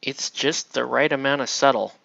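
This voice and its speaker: A man's voice: medium pitch, fairly even intonation, normal speed, vocal fry, pushed and bright, no echo. A man hosting a casual painting tutorial, chatty and rambling as he works, often checking in with "right?". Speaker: miniature painting host. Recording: dull lo-fi dry sound.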